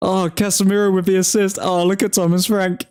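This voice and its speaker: Male watchalong host, casual reactive commentary, slow delivery. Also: sits high. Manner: reactive, chatty fan talk with slang. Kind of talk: live football reaction commentary.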